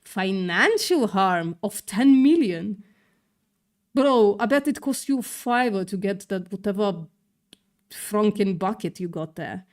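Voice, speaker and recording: A woman's voice: mid-range voice, animated, takes it slowly, a little mellow. Sarcastic woman reading news on a livestream. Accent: mixed, partly British-tinged. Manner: sarcastic, swears, stumbles while reading aloud. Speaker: livestream host. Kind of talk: casual news reading with commentary.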